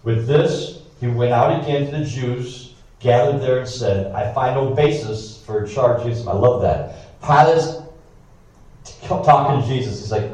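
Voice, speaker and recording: A man reads a scripture passage aloud at a middle pitch and breaks off now and then for short comments. He stumbles on words once in a while. The room rings heavily around him, and the mic sits well back. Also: normal speed, a little mellow. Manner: reads steadily, with occasional stumbles and asides. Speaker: scripture reader. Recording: echoey room, distant mic.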